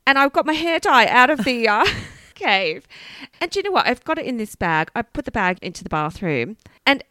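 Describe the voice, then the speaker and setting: A woman co-hosting a podcast, telling an animated story in casual chat, swearing and laughing freely. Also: on the high side, moderate pace, dry recording. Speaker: podcast co-host.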